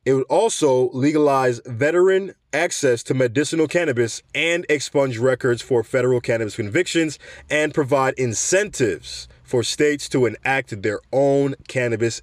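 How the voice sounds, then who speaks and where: A man with an average-pitched voice reads news copy aloud in a casual way, then stops to give his own take. He stumbles often and corrects himself. The recording is dry and close. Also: animated, moderate pace, no room sound. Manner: trips over words, corrects himself, breaks off for opinions. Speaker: show host.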